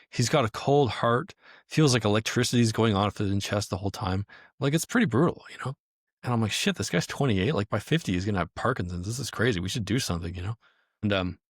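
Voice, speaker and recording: A man working as a life coach, telling a client story in casual, animated speech with frequent swearing and acted-out quotes. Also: on the low side, breathy edge, no room sound, clean studio sound.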